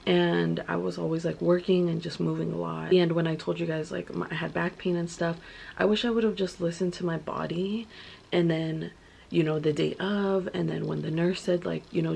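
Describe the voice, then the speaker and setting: A woman's voice: on the low side, flat delivery, moderate pace, gravelly, a little mellow, a little hiss or hum. A young woman vlogger telling her story in a casual, chatty way, full of filler words.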